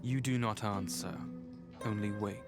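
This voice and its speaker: A voice actor narrating a visual novel in the second person, describing scenes in an even, descriptive manner. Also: medium pitch, unhurried, lightly acted. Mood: calm. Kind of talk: scripted game narration. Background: game soundtrack music.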